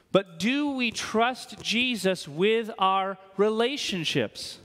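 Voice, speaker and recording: A man's voice: high voice, lively intonation, takes it slowly, hardly any pauses, fairly bright tone. A man preaching a sermon as a pastor. He talks in a casual, joking way and often checks in with "right?". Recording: long hall reverb.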